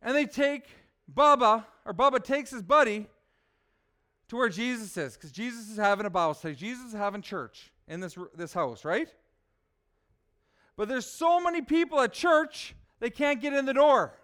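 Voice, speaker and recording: A male pastor delivers a sermon in a high, smooth voice. He leans on rhetorical questions, dropping low and quiet, then rising to loud, emphatic points. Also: lively intonation, a little slow, long pauses. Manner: rhetorical, asks "right?", swings soft to loud.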